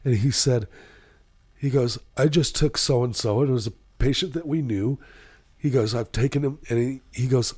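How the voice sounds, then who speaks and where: A middle-aged man speaks casually on a podcast, filling his sentences with "you know" and "um" as he tells an emotional story. He is a paramedic, and his voice sits at an ordinary pitch. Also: moderate pace, darkish tone, husky. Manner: emotional storytelling, many fillers. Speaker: paramedic guest.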